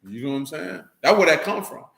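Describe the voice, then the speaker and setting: Animated high-voiced man teaching casually. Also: quick pace, gravelly. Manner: animated, slangy and joking, with frequent asides. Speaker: speaker leading a religious assembly talk. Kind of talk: casual religious teaching to a group. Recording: echoey room.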